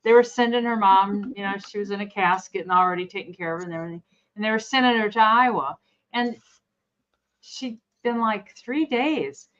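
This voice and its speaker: A woman's voice: mid-range voice, moderate pace. A woman co-hosting a live stream, telling stories casually and trailing off into restarts. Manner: animated storyteller, trails off and restarts. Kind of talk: casual storytelling chat. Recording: slightly muffled live stream audio.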